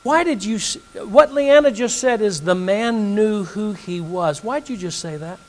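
A man's voice: sits high, moderate pace, rough recording. A male pastor teaching an evening Bible lesson, reading scripture aloud and putting questions to his audience.

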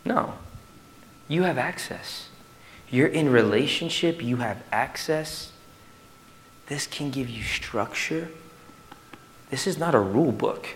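A male pastor preaching a sermon to his church in an animated way, swinging from loud to hushed. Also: mid-range voice, slow pace, pauses often, a little hiss or hum.

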